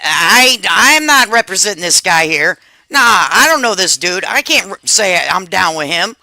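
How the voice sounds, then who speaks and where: Brief: angry woman streamer, middle-aged, swears a lot, bright voice, dry close sound. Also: mid-range voice, dry recording. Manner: furious, profane, emphatic. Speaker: live stream host. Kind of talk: angry commentary rant.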